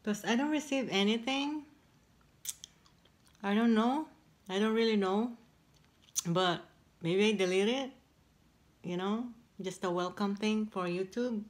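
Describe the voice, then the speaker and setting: A woman chatting casually in a mukbang video, pausing to eat between halting words. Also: medium pitch. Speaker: eating-show vlogger.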